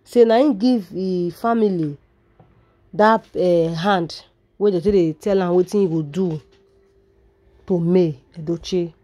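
A woman's voice: lowish voice, mellow. A woman with a Nigerian accent giving dramatic celebrity gossip commentary and calling out to her viewers. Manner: dramatic, addresses viewers directly, drawn-out sighs.

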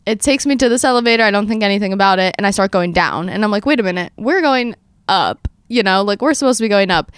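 A woman in her twenties hosting a podcast, telling a story in casual chat with lively, dramatic retellings of her own quotes. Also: medium pitch, fast, clear, resonant tone, no echo, studio quality. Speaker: podcast host.

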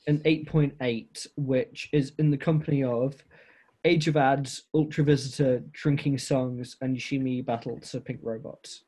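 A man co-hosting a casual music podcast with a relaxed, easygoing manner. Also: mid-range voice, measured pace, breathy edge. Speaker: podcast co-host.

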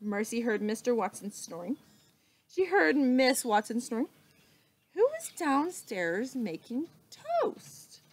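A woman teacher reading a children's book aloud, slow and expressive with dramatic pauses. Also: a little high.

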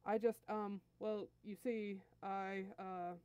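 A woman's voice: on the high side, animated, normal speed, darkish tone, no echo, natural voice. A woman voicing a bumbling, burly male alien minion who stammers and whines in fear, in a fan fiction story reading. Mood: nervous. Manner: stammering, fearful whining.

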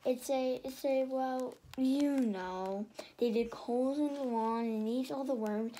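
A woman's voice: sits high, measured pace, dark tone, slight background noise, rough recording. Woman doing a grouchy sleepy boy. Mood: knowing. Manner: grouchy, know-it-all. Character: grumpy young boy, sleepy older brother.

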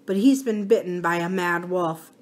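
A woman voicing a frontier mother in a storybook reading, gentle and firm with a tearful edge. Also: on the low side, moderate pace, a little hiss or hum, lightly acted. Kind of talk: storybook read-aloud.

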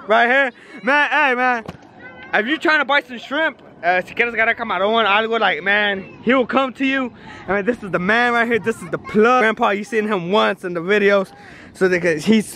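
A young man vlogging casually at a family party, slangy and excitable, tipsy, mixing in Spanish words. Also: extremely high pitch, a little hiss or hum. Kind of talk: casual vlog chat. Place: outdoors at a family party on a ranch.

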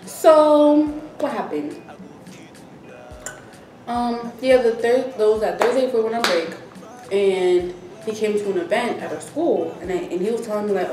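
A young woman vlogger tells a story casually at a moderate pace in a medium-pitched voice, animatedly acting out everyone's quoted lines. The mic sits at a distance, so the room echoes, and faint music plays behind her.

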